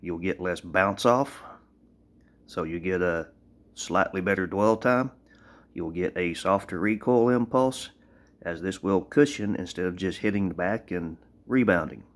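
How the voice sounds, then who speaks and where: Man from Tennessee, very low voice, plainspoken vlogger filming on a phone, rambling and blunt. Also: a little slow. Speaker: gun owner vlogger. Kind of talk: casual show-and-tell gun review.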